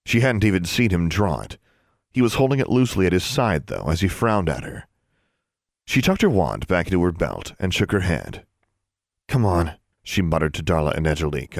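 A man narrating an audiobook in an expressive storytelling manner. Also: deep voice, no room sound, studio quality.

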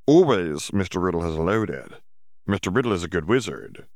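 A man's voice: low-pitched, big pitch swings, fairly quick, darkish tone, dry recording, clean studio sound. A man voicing a humble, earnest male house elf who speaks of himself in the third person with odd grammar.

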